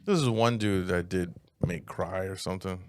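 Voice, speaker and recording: A young man co-hosting a casual comedy podcast, telling profane, animated stories. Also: deep voice, moderate pace. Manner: profane, animated storytelling with acted-out quotes. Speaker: podcast co-host.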